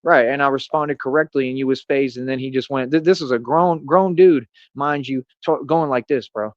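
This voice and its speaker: A man's voice: mid-range voice, normal speed, no echo. A man ranting on a live stream, boastful and confrontational, full of street slang. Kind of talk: casual ranting monologue. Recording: dull lo-fi stream audio.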